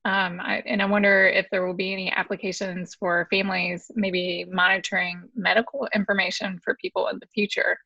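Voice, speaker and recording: A woman's voice: mid-range voice, little pitch movement, a little fast, gravelly, hardly any pauses, sharp tone, muffled recording. A woman interviewing a colleague in a casual chat, asking curious, friendly questions.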